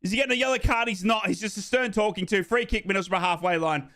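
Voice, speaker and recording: Male fan host calling a match live, high bright voice, swings to shouting. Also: fast talker, hardly any pauses. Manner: excitable, bursts into shouting celebrations; reads out viewers' names and answers them. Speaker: host of a live football watchalong.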